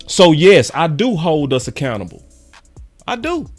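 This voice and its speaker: A little high and sing-song, at a measured pace, this man's voice runs over soft background music. Hosting his sports channel, he gives a slangy, preachy fan commentary monologue that emphatically repeats itself for weight.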